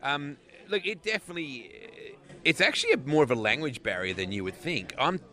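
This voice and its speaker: A man's voice: fairly high pitch, big pitch swings, a little fast, sharp tone. A man in his forties with an Australian accent, a race announcer chatting easily and laughing often in an interview. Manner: laughs often, easygoing and jokey. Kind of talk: casual interview chat.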